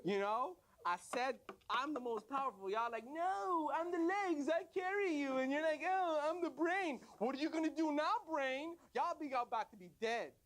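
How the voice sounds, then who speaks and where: A man's voice: fairly high pitch, big pitch swings, measured pace, pauses often. A man voicing a boastful, swaggering talking tongue in a comic story. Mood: gloating. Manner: swaggering, teasing.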